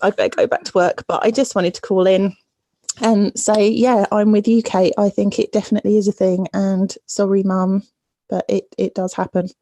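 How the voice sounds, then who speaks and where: A woman caller telling a story casually, halting with fillers. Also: mid-range voice, little pitch movement, mellow, no echo. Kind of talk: phone-in story.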